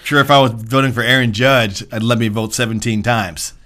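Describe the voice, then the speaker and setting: A man's voice: medium pitch, fairly even intonation, a little fast, sharp tone. A man co-hosting a sports radio show, chatty and teasing in casual banter.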